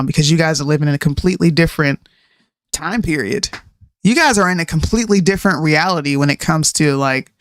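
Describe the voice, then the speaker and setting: A woman in her thirties, a podcast co-host, chatting casually and ranting in an animated way, mixing in slang and laughs. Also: lowish voice, no echo, studio quality. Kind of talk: casual chat.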